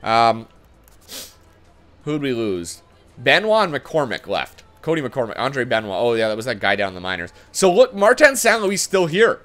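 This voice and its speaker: A man's voice: medium pitch, very animated, normal speed, a bit bright. A man giving casual commentary on a sports management game, chatty and thinking aloud, often correcting himself as he goes. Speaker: gaming YouTuber.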